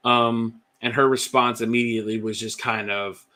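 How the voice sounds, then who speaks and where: A man's voice: medium pitch, flat delivery, normal speed, sharp tone. A man telling his own story as a podcast guest, candid and chatty with many fillers. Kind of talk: personal testimony.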